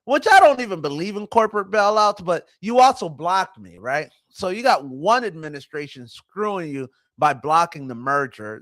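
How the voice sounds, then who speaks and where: A man hosting a casual commentary show, talking in an animated way, with rhetorical questions and mocking voices. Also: high-pitched, normal speed, hardly any pauses. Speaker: show host.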